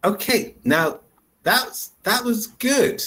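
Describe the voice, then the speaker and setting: Male English tutor on a video call, patient and unhurried, with a very animated pitch. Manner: patient, explains step by step. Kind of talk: one-on-one online lesson.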